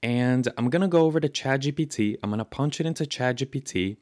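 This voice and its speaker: A man hosting a software tutorial, talking casually and enthusiastically over his screen recording. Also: medium pitch, fast talker, no echo, studio quality. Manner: chatty, enthusiastic, conversational. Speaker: tutorial host.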